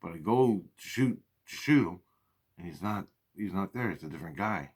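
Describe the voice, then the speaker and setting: A man's voice: deep voice, lively intonation, normal speed, husky. A man telling a long, rambling monologue to camera, swearing heavily and repeating and restarting his phrases. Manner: profane, repetitive, restarts often. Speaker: vlogger.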